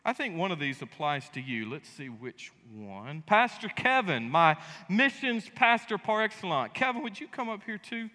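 A man pastor preaching a sermon in a church sanctuary, animated and joking as he tells the story. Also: high voice, normal speed. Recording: echoey church hall.

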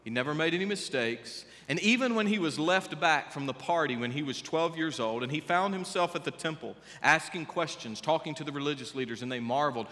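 A man's voice: fairly high pitch, expressive, normal speed. Emphatic male pastor in a reverberant hall. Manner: emphatic, swings from loud to hushed. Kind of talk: sermon.

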